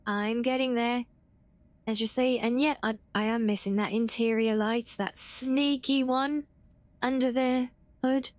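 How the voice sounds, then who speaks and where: High, slow-talking British woman streamer. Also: steady tone, no room sound. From Britain (half English, half Welsh). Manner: chatty, self-correcting, reads out and answers chat. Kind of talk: casual live-stream chat while gaming.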